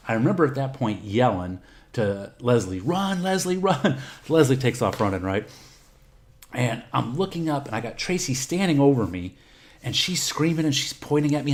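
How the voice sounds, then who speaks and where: A middle-aged man from Texas tells a story from his past, cursing freely and circling back with restarts. His voice sits a little low, and his delivery is casual and unpolished, like a podcast host talking off the cuff. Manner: profane, candid, rambling with restarts.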